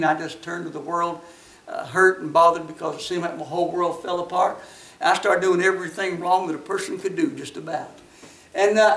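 Folksy preacher, man, high voice, emphatic peaks, roomy distant sound. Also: gravelly. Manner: folksy storytelling, rising to emphatic shouts. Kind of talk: sermon. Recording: echoey, from a distance off the mic.

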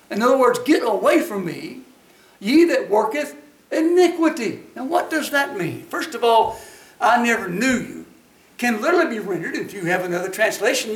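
A man preaching a sermon in a folksy, emphatic way. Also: extremely high pitch. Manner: folksy, emphatic, rises to shouts when acting out voices. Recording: echoey hall, voice from a distance.

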